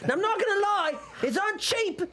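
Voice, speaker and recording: A man's voice: very high voice, expressive, moderate pace, pushed and bright, slight background noise, voice pushed up, exaggerated voice. A game master voicing a pushy merchant who is eager to close a sale with his customers. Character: pushy male merchant hawking goods.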